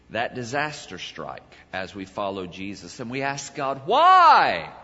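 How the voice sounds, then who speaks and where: A male pastor, preaching a sermon in a dramatic way, swelling to loud cries and then dropping low. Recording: dull lo-fi sound with long hall reverb.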